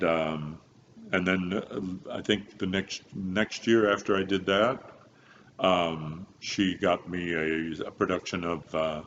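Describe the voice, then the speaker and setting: An older man from Kansas, telling stories from his career in an interview, rambling with many fillers and restarts and frequent chuckles. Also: low-pitched. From Kansas, USA. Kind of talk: relaxed interview storytelling. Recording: slightly dull, faint background hiss.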